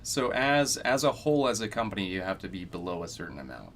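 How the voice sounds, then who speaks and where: A man co-hosting a casual livestream, calmly explaining details and correcting the host. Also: low-pitched, fast.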